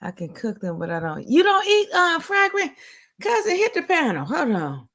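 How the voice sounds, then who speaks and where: A woman's voice: very high voice, huge pitch swings, normal speed, a bit bright. A woman hosting a casual livestream, chatting playfully with a guest and laughing often. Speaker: livestream host.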